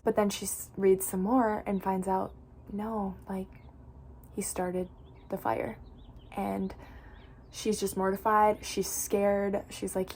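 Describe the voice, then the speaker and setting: A woman's voice: mid-range voice, flat delivery, slow, darkish tone, a little hiss or hum. A young woman casually recapping a novel for her channel, chatty and full of "like.". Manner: chatty, fills speech with "like". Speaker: book vlogger.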